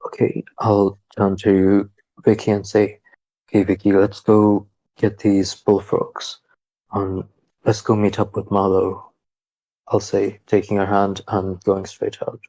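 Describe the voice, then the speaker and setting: A man plays a tabletop game, speaking earnestly for his character in a low, gravelly voice. His pitch barely moves, the tone is dark and husky, and the sound is dry. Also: monotone, slow pace, dry recording, low-quality recording. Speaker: player.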